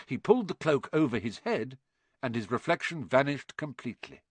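Man reading a kids story out loud, lively ups and downs in his voice, dry close sound. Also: mid-range voice, normal speed, slightly rough, no room sound. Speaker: audiobook narrator. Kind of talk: storybook narration.

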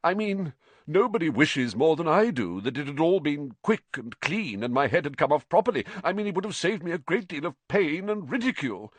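A man's voice: mid-range voice, unhurried, hardly any pauses, no room sound, pitched above the performer's own voice, close to an everyday voice. A man doing Nearly Headless Nick, a bitter theatrical ghost. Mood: indignant. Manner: plummy, indignant, dramatic outbursts. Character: aristocratic male ghost, old-fashioned, bitter and theatrical. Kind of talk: audiobook character voice.

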